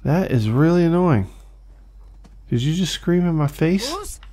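A man giving excitable, swearing gameplay commentary as host, talking to enemies as he plays. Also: a little high, a little slow, slight background noise. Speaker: let's play host.

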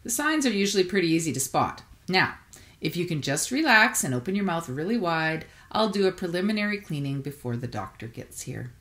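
A woman's voice: on the low side, big pitch swings, a little fast, fairly bright tone. A woman reading aloud voices a cheerful woman dental assistant with a sing-song way of speaking.

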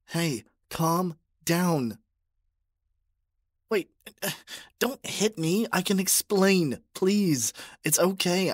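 A man playing a breathy, stammering yandere stalker. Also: mid-range voice, no echo, studio quality. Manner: soft, stammering, pleading. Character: obsessive young male yandere stalker, nervous and clingy. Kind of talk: whispered role-play.

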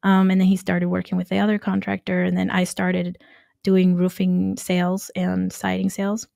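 A woman who grew up in Nicaragua, telling her story as a podcast guest, animated and laughing often as she acts out quoted dialogue. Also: lowish voice, normal speed, gravelly, dry recording, studio quality. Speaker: guest, construction entrepreneur. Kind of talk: casual storytelling interview.

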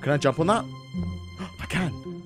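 A man giving excitable gameplay commentary, with loud yelps and sudden jumps between high and low. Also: slow pace. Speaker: gaming YouTuber. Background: game music.

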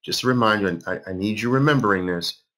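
A man's voice: fairly low pitch, quick pace, fairly bright tone. A man in his fifties teaching a live trading class, emphatic, repeating phrases and quizzing his audience. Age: 50s. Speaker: trading instructor.

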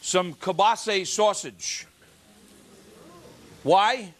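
High-voiced joking TV chef. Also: male voice, drawn-out words, background noise. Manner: chatty, joking asides to the studio audience. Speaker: TV cooking show host. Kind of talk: live studio cooking demonstration. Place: TV studio kitchen with live audience.

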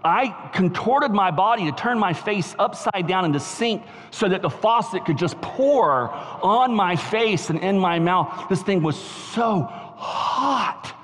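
A middle-aged male pastor with a Southern US accent, preaching a lively storytelling sermon. His voice sits fairly high for a man and moves between soft, quiet asides and emphatic near-shouts. It rings with the long reverb of a church sanctuary. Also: a little slow, hardly any pauses.

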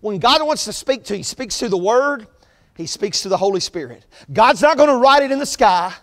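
High-voiced preacher in a reverberant church. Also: male voice. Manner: preaching with rising emphasis and soft, trailing line ends. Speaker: pastor. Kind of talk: sermon. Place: church sanctuary.

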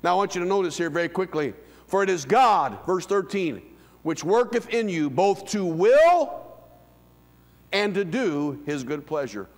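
Casting note: fifty-year-old male pastor, very high voice, preaching with big swings from quiet murmurs to ringing shouts. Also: sing-song, measured pace. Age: 50s. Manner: swings from hushed low lines to loud high calls. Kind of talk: sermon. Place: church sanctuary. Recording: long hall reverb.

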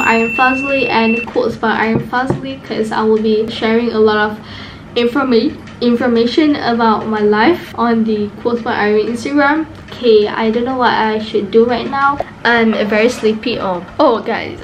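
A woman's voice: fairly high pitch, background noise. A teenage woman with a Malaysian accent talking to camera in a casual vlog, emotional and switching between English and Malay. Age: teens. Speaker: vlogger.

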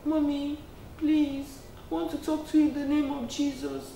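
A woman voicing a small child who quietly and gently pleads with their parents. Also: high-pitched, little pitch movement, moderate pace, gravelly, a little hiss or hum, pitched above the performer's own voice. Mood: pleading softly. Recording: echoey room, distant mic.

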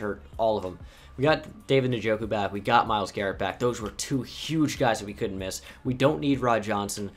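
A young gaming YouTuber with a mid-range voice gives casual, chatty commentary while playing a football video game. He reacts with quick bursts of swearing.

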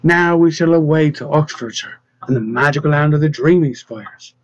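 A man voicing an old male wizard in a low, quiet, ceremonious archaic manner. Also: moderate pace, natural voice. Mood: solemn. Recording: dull, dry close recording.

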